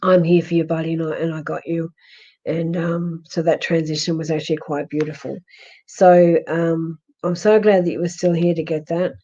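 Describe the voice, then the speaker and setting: A woman with an Australian accent, a husky voice and a fading, hoarse throat, gently consoling a viewer in a live-stream psychic reading with many restarts. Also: low-pitched, level tone, moderate pace, highs cut off. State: hoarse, losing her voice. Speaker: psychic medium.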